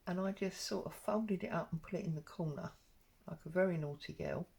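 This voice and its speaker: A woman's voice: lowish voice, brisk, vocal fry, few pauses, a little mellow. A woman talking casually and rambling as she works on an embroidery project, with plenty of ums. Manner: rambling and chatty, with frequent ums. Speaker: craft vlogger. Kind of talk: casual stitch-along chat.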